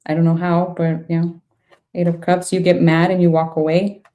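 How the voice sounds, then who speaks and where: Woman tarot reader, low mellow voice, chatty and reactive. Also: flat delivery, normal speed. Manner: thinks aloud, laughs often, frank reactions. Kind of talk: casual tarot reading.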